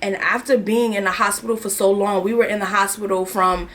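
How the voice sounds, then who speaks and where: A woman's voice: mid-range voice, steady tone, a little fast, fairly bright tone. A young woman in her twenties from New York, telling a personal story to camera in candid, slangy, emotional chat. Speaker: vlogger. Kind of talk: casual confessional chat.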